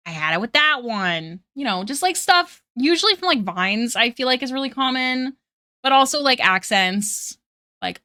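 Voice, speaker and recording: Bright-voiced woman streamer chatting while drawing. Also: mid-range voice, animated, a little slow, no echo, clean studio sound. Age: 30s. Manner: rambling, laughs often, quotes memes in put-on voices. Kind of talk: casual livestream chat while drawing.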